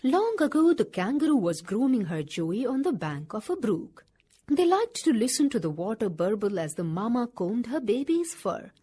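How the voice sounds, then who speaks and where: A woman reading a children's story aloud in an expressive, sing-song way. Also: medium pitch, normal speed, slightly rough.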